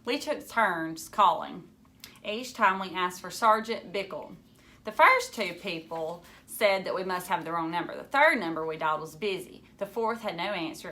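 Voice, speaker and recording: Bright-voiced woman reading aloud. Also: lowish voice. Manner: expressive, stops to comment and laugh. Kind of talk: reading a novel aloud to a class.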